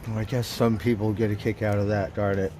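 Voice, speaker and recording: A man's voice: lowish voice, brisk, a little hiss or hum. A man livestreaming outdoors, telling a story in a casual, profane way, chuckling as he goes. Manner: profane, chuckling, animated retelling.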